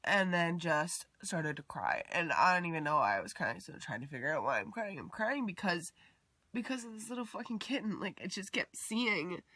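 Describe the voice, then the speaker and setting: Bright-voiced woman vlogger, rambling. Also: mid-range voice, no room sound. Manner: rambling and heartfelt, many fillers, drops to near-whisper at times. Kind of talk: personal confessional vlog.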